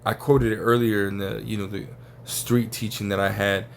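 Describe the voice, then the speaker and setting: A man's voice: fairly low pitch, level tone, normal speed, gravelly, slight background noise. A man giving an informal religious teaching, talking casually and profanely and tagging his points with "right?" and "man". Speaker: scripture teacher.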